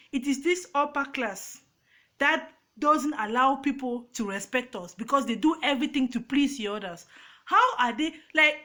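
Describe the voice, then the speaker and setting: A woman's voice: high-pitched, pushed and bright. A woman with a Cameroonian accent, a YouTuber speaking emphatically and emotionally to her phone's front camera, with frequent restarts. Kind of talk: casual to-camera rant.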